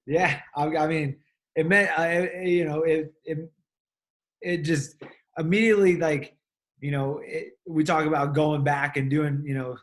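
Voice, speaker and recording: Halting, fairly high-voiced male coach. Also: fairly even intonation. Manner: halting, many restarts. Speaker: wrestling coach, podcast co-host. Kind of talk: casual chat.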